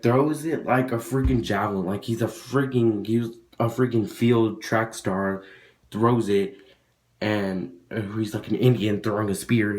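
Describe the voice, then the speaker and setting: A man's voice: on the low side, darkish tone. A young man vlogging a casual story, rambling with lots of fillers and restarts.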